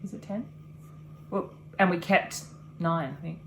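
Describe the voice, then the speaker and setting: A woman's voice: fairly low pitch, a little slow, a little hiss or hum. A woman in her thirties chatting casually on a vlog, earnest and reflective, talking in long run-on sentences. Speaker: vlogger. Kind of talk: casual chat.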